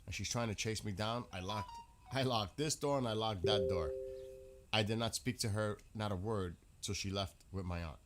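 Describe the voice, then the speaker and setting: Low-voiced man chatting on a live stream. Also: normal speed, soft background music. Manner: rambling, storytelling to chat. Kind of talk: casual live-stream chat.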